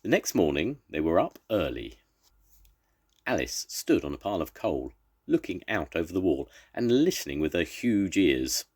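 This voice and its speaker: An older man, a grandfather, reading a children's story aloud in a gentle, expressive way. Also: deep voice, moderate pace, breathy edge.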